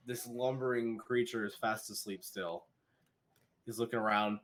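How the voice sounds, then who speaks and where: A man narrating a tabletop game as dungeon master, relaxed and filler-heavy. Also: on the low side, moderate pace. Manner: relaxed, hesitant, lots of fillers.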